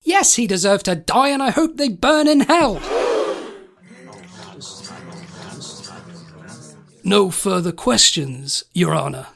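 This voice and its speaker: A man playing a pompous, flirtatious Southern gentleman lawyer in a put-on Southern accent, courtly and florid. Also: high-pitched, big pitch swings, measured pace, gravelly, over loud music, heavily acted. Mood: prosecuting. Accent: put-on American Southern. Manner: florid, courtly, overly polite. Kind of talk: improvised comedy role-play.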